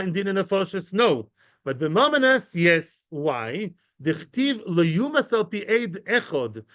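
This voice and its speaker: Male Talmud teacher, lively and chatty, high-pitched, dry slightly muffled sound. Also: no echo. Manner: animated, chatty, mixes English with Hebrew and Yiddish terms. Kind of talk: informal Talmud class.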